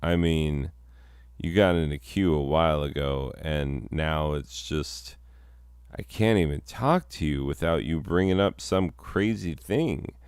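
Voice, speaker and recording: A man's voice: extremely low pitch, measured pace, darkish tone, clean tone, dry recording, clean studio sound. A man performing a solo comedy sketch, rambling and self-mocking, breaking into mock-outraged bursts.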